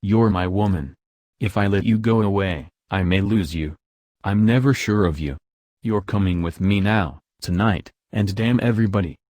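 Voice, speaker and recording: Male reader doing impassioned young lover, slow urgent pleading, low voice, dry sound. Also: a little mellow, no room sound, lightly acted.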